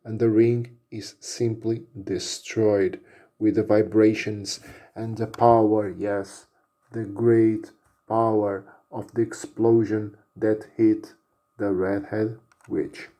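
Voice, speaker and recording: A man narrating an action story casually, unhurried, with fillers. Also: on the low side, little pitch movement, mellow.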